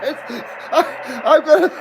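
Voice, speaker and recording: A man's voice: extremely high pitch, takes it slowly, creaky. A man running a live CB radio stream at home, talking bluntly, swearing freely and laughing often. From Nevada, USA. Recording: radio static hiss behind the voice.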